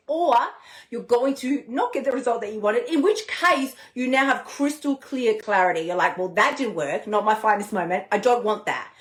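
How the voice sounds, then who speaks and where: A woman podcast host and eating coach, giving an animated, chatty motivational talk on a live stream. She swears casually and laughs often. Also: fairly high pitch. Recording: echoey room.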